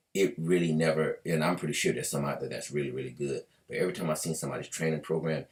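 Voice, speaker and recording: Man, very deep voice, trader, casual explainer, colloquial, mild swearing, animated quoted asides. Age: adult with a school-age daughter. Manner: animated, acts out hypothetical buyers and sellers in quick quoted asides.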